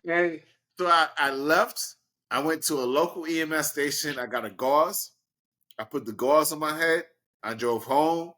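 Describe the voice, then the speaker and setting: A man from Brooklyn, a guest in an interview, telling a story casually and animatedly, acting out the people in it with big leaps in pitch. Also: measured pace, sharp tone. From Brooklyn, New York. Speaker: guest, professional wrestler.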